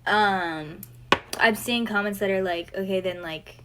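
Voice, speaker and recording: A woman's voice: medium pitch, unhurried, background noise. Young woman on a livestream, flustered, keeps saying like, loses her thread. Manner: heavy use of "like" fillers. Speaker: livestream host. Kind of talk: casual livestream chat.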